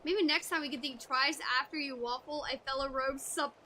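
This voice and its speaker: A hapless rogue lackey who talks in folksy, rough grammar, read aloud by a woman streamer. The voice stays high. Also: fairly even intonation, brisk, sharp tone, slight background noise. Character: hapless male rogue errand boy. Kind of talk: reading game dialogue aloud.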